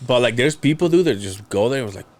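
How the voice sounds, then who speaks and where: A man's voice: mid-range voice, animated, moderate pace. A man, a podcast co-host, telling a story in casual chat, acting out quotes, laughing and swearing freely.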